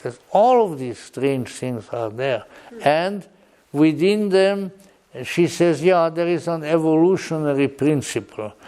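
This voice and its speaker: A man giving an unscripted public lecture in a wry, digressive way, with joking asides and halting restarts. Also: mid-range voice, mellow, clean tone.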